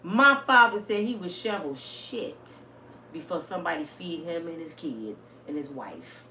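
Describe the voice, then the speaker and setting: Blunt, lively woman vlogging in a roomy space. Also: lowish voice, a little slow. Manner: blunt, salty, animated storytelling. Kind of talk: casual monologue to viewers. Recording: roomy, a bit distant, faint hiss.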